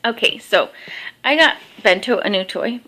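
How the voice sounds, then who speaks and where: Woman, casual home vlog, rambling, filler words, just woke up, bright tone. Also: a little high, expressive, normal speed. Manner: rambling storytelling with many fillers. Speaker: vlogger. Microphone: handheld camera.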